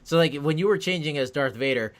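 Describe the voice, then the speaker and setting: Male podcast co-host, casual and profane, animated storyteller. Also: a little high, fast. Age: adult with a daughter. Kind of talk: casual chat.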